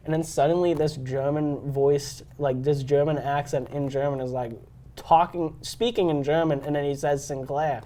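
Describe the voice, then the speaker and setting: A man's voice: on the high side, fairly even intonation, moderate pace, mellow. Chatty young guy gushing about a film. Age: young adult. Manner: enthusiastic, filler-heavy with lots of "like" and "um". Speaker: podcast co-host. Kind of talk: casual film discussion chat.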